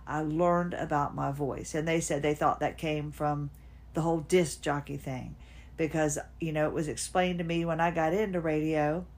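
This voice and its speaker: A woman in her fifties sits at home hosting a casual personal monologue podcast, rambling between thoughts and sometimes talking to herself. Her low-pitched voice has a darkish tone and a flat delivery at a moderate pace.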